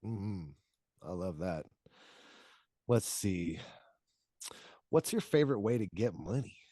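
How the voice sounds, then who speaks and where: A man's voice: fairly low pitch, animated, slow, mellow, dry recording, clean studio sound. A man hosting an interview, laid-back and playful, often laughing along with his guest. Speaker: interviewer, host. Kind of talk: casual interview chat.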